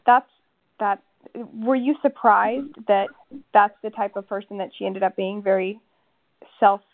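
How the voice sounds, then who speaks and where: A woman's voice: mid-range voice, measured pace, no echo. A woman interviewing a guest in a casual chat, asking curious, playful questions. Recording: dry phone-like audio.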